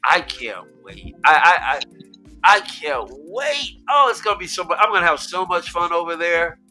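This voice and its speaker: Host, American man, high, bright voice, lively stream chat, repeats himself when he gets excited. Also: moderate pace, faint music behind. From United States. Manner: animated, excitable, repeats words, laughs often. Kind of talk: casual chat.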